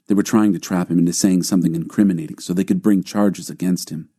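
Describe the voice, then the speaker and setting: A man narrating a scripted Bible reading with a calm, steady delivery. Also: deep voice, fast talker, few pauses.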